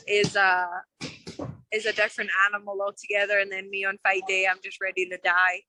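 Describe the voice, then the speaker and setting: A woman's voice: mid-range voice, monotone, fairly quick, sharp tone, dry recording, poor audio. A young woman with a mixed Scottish and Australian accent, talking bluntly and confidently as a guest in a casual interview. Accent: Scottish with Australian mix. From Scotland, raised in Australia. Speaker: UFC fighter guest. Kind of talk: casual interview over a call.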